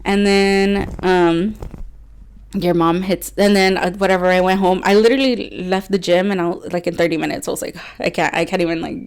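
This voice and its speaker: A woman's voice: fairly low pitch, fairly even intonation, brisk, a little mellow, clear, resonant tone. Rambling young woman podcast co-host. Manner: rambling, laughs often, many "like" fillers. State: teary at moments. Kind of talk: casual chat.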